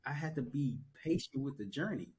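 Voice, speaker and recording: A young man on a podcast, chatting casually and telling his story with animated emphasis and repeated phrases. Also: mid-range voice, a little fast, background noise. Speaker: podcast guest. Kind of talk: casual conversation.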